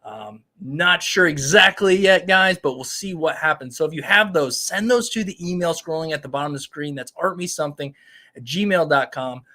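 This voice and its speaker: A fairly high-voiced man in his thirties hosts a casual live stream. He rambles in an upbeat way and talks straight to his viewers. He sounds like a tattoo artist chatting off the cuff. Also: expressive, moderate pace, sharp tone.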